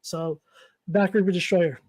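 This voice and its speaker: A man's voice: high-pitched, steady tone, unhurried, darkish tone. A man from New Jersey chatting casually on a comics livestream, rambling and self-deprecating, with the odd swear. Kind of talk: casual livestream chat about comic art.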